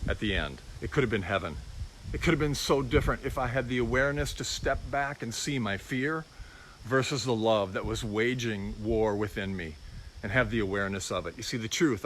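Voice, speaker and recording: A man's voice: mid-range voice, a bit bright, a little hiss or hum. Reflective middle-aged male preacher. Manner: reflective, personal and confessional. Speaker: pastor. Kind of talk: informal sermon.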